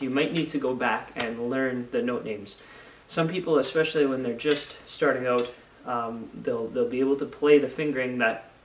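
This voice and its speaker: A man's voice: mid-range voice, recorded from a distance, slight background noise. A male music teacher explaining practice strategies in a patient, instructional way, often using fillers as he counts off and chants note names. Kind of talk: instructional video lesson. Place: school band room. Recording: echoey room, off mic.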